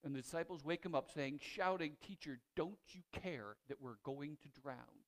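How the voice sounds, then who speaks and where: A male pastor delivers a sermon in a slightly raised pitch. He retells a story with animated energy, often restarting phrases, and moves between loud emphasis and hushed passages. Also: normal speed.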